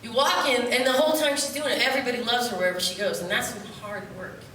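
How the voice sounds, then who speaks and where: A woman's voice: fairly high pitch, fairly even intonation, rapid-fire, fairly bright tone, slight background noise. A woman from upstate New York, telling rambling, joking stories to a festival audience from a theater stage. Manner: chatty, joking, loose asides. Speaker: poet performing at a festival. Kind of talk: rambling comic stage storytelling. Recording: echoey theater, distant mic.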